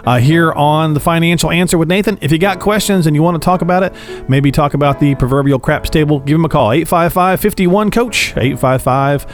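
A man's voice: on the high side, fairly quick, faint music behind. Chatty radio host man. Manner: jokey, chatty, laughs easily. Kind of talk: casual radio talk show chat.

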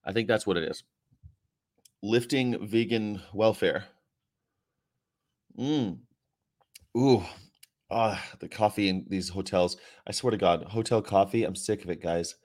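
Man, activist livestream host, low voice, sarcastic and rambling, reads chat. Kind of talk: casual livestream chat reading viewer comments. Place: hotel room.

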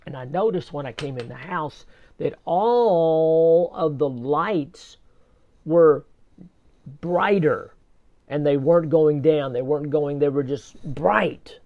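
A man with a fairly high voice and a gravelly edge tells a personal faith story at a slow, unhurried pace. His speech halts now and then, and he often doubles back to repeat a word before going on. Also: phone-quality sound. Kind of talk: casual spoken testimony.

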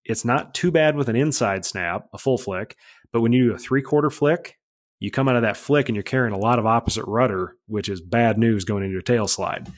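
A man's voice: lowish voice, a little fast. A man telling a story about flying, casual and blunt, swearing freely and acting out radio calls. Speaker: aerobatic pilot guest.

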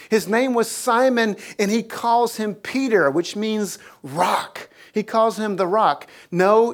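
An animated preacher delivering a sermon to a church congregation. The delivery jumps between excited storytelling with soaring pitch and laughter and quieter, earnest appeals to the listeners. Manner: laughs while telling stories. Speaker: pastor.

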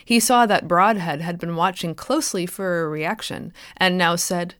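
A woman's voice: fairly low pitch, fairly bright tone, no room sound, studio quality. Woman author reading her story aloud. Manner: clear, measured storytelling. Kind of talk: scripted narration.

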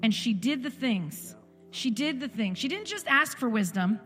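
A woman's voice: fairly high pitch, expressive, normal speed, a bit bright, long reverb tail, soft background music. A woman in her forties giving an impassioned church testimony, firing off repeated rhetorical questions. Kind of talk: sermon testimony.

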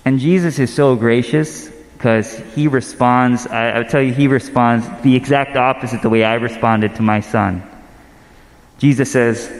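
A man in his thirties preaching a sermon, casual and animated, telling stories with quick asides. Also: mid-range voice, long reverb tail. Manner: conversational, animated storytelling with asides. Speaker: pastor.

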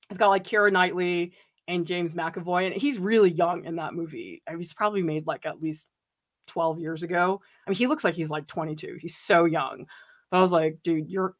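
A woman hosting a casual livestream, reading out viewer comments and chatting about them, gushing and giggling with big swings in pitch. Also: a bit bright. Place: home.

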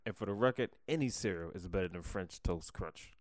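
A man co-hosting a casual podcast chat, laid-back and deadpan, with a slight stutter and halting restarts, on a close studio mic. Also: low voice. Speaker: podcast co-host.

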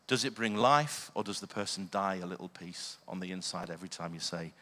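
Man, earnest sermon delivery, lowish voice, hall reverb. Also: brisk, sharp tone. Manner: earnest, asks the listeners questions. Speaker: preacher.

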